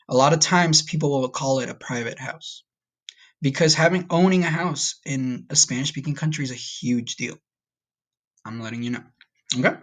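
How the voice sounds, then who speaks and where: A man's voice: medium pitch, fairly bright tone. A man teaching a recorded Spanish lesson to his class, friendly and checking in often with "okay?". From United States.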